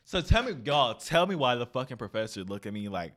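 A young man hosting a solo podcast, telling stories in a casual, profane, animated way, full of slang. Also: medium pitch, a little fast, hardly any pauses. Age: young adult. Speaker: podcast host.

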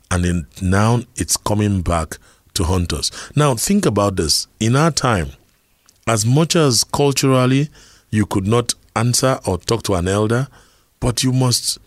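A man's voice: lowish voice, no echo, clean studio sound. A middle-aged Nigerian man giving an earnest talk on communication, telling personal stories and asking rhetorical questions. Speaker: speaker on communication skills.

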